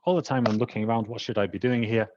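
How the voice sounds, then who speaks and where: A man with a Welsh accent, telling a personal story in an animated way and acting out the people he quotes. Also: on the low side, fast talker. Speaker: trainer. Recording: dull lo-fi recording.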